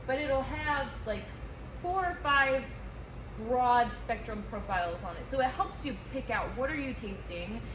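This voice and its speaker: A woman tasting whiskey and chatting in a bubbly way, laughing often. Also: medium pitch. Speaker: whiskey taster. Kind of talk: casual tasting chat. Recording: echoey room with noise.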